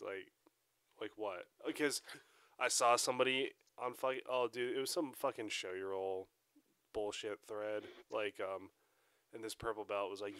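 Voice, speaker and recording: A man's voice: fairly low pitch, moderate pace, pushed and bright, smooth, no echo. A man co-hosting a podcast in blunt, sarcastic, profane casual chat. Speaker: podcast co-host.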